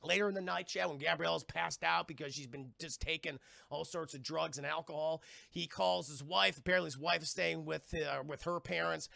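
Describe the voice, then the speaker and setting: Male streamer, profane rambling recap, sharp tone, dry close sound. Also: a little high, steady tone, vocal fry, no echo. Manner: profane, rambling, keeps addressing chat; acts out quoted lines in quick voices. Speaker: streamer reviewing a TV episode. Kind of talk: casual livestream recap.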